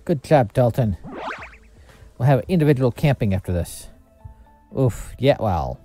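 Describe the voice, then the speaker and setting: A man streaming a video game, chatting casually and muttering asides to himself with quick bursts of cheer. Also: mid-range voice, big pitch swings, warm tone. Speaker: VTuber streamer. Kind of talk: casual gameplay commentary. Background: faint background music.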